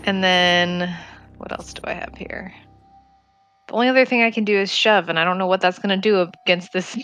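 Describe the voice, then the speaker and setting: A woman with a bright, forceful tone plays a tabletop game. She talks through her choices aloud in a chatty way, often laughing. Faint music sits behind her voice. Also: mid-range voice, steady tone, brisk, smooth, dry recording, rough recording. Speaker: player. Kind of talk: casual tabletop play.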